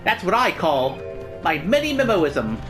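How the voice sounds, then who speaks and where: A woman's voice: on the low side, sing-song, measured pace, music in the background, voice pushed up. A woman voicing an eager young male newsboy reporter with a slight put-on British accent, in chirpy, boastful patter.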